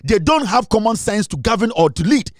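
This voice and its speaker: A man's voice: high voice, big pitch swings, brisk, no echo, clean studio sound. A Ghanaian man giving a heated, scornful political monologue, repeating his points and slipping into Twi phrases. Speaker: political commentator.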